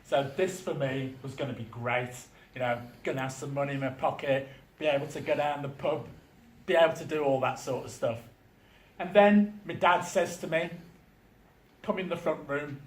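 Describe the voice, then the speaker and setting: A man gives a speech at a meeting as a union official, telling stories with dry humour in a relaxed, conversational way. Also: mid-range voice, normal speed. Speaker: union official, guest speaker. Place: meeting room. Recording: echoey meeting room.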